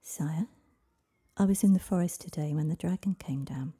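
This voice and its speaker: A woman voicing an earnest, brave young woman who speaks softly and often in a whisper, in a husky storybook reading. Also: sits low, normal speed. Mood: pleading.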